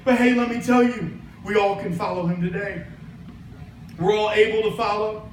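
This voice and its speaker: A man's voice: high-pitched, fairly even intonation, moderate pace, reverberant, far from the mic, slight background noise, poor audio. A man preaching a sermon as pastor, telling a story and building to emphatic preaching. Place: church sanctuary.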